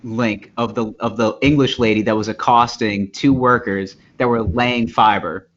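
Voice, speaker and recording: A man co-hosting a casual podcast, rambling and animated, slipping into voices as he retells stories. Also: lowish voice, normal speed. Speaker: podcast co-host. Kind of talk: casual chat. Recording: dull lo-fi podcast audio.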